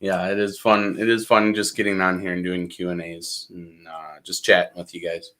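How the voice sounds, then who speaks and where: Low, bright-toned man co-hosting a fishing show. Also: little pitch movement, moderate pace. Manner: easygoing, brief agreeing replies. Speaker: fishing podcast co-host. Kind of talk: casual chat.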